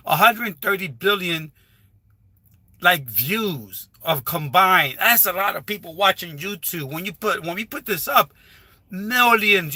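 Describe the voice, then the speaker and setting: Man, high and bright-toned, rambling casual livestream advice, dry close phone sound. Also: dry recording. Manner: rambling, repetitive, with frequent restarts. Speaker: livestreaming YouTuber. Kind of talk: casual live stream advice talk. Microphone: phone held while livestreaming.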